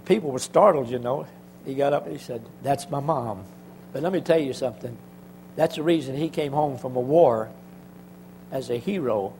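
An older man giving a church testimony, telling stories in a halting, folksy way with many restarts. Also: medium pitch, darkish tone, a little hiss or hum, rough recording. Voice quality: halting, rambling delivery with frequent restarts.

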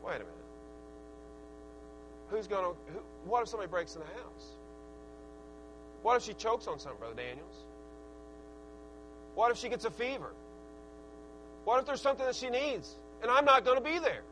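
A middle-aged man preaching a sermon in a folksy, earnest way, his loudness rising and falling. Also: sits high, lively intonation, moderate pace, long pauses, noisy background.

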